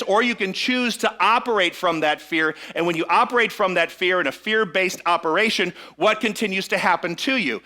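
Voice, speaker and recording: A man's voice: high-pitched, pushed and bright. A middle-aged male minister preaching a sermon to a live congregation, often checking in with them and leading them in call-and-response. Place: church sanctuary with a live congregation.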